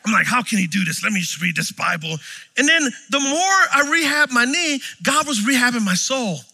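A man preaching a sermon, telling personal stories in an animated way, swinging from shouts to quiet moments. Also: very high-pitched, a little fast, vocal fry, breathy edge, long reverb tail.

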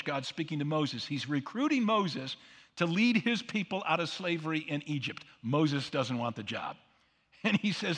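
Male pastor preaching, kinda high bright voice, big church echo, asks lots of questions and gets the crowd to say it back. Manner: emphatic, rhetorical questions, leads congregation in repeating lines. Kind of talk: sermon.

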